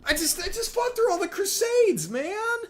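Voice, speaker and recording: A man's voice: extremely high pitch, very animated, moderate pace, pitched above the performer's own voice. A worn-out crusader knight whines and pleads to be left alone, as a man puts him on. His voice leaps far above its normal register and drags out each complaint. He sounds tired and put-upon. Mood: whiny. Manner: whining, pleading. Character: whiny weary male knight home from crusades.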